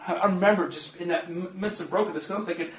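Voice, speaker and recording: A man's voice: high-pitched, fairly even intonation, fast. A man preaching a personal testimony sermon, candid and confessional, rising to fervent emphasis. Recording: echoey room.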